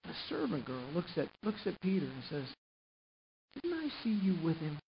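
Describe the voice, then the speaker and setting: A man preaching a sermon and retelling a gospel story, swinging from quiet narration up to loud, emphatic passages. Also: sits high, huge pitch swings, moderate pace, gravelly. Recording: muffled lo-fi recording with faint hiss.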